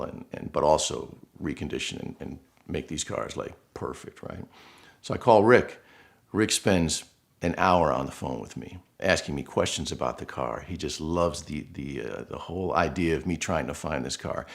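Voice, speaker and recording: A middle-aged man from Buffalo, New York, tells a personal story in a casual, heartfelt way. His voice sits low, with a gravelly rasp. He slips into lively impressions of the people he quotes. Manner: earnest, emotional, animated quotes. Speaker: guest storyteller.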